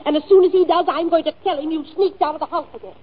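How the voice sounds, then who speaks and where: An actress playing a stern housekeeper who scolds sharply, in an old film. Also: female voice, very high-pitched, fairly even intonation, very fast, background noise. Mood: scolding. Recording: tinny lo-fi old film soundtrack.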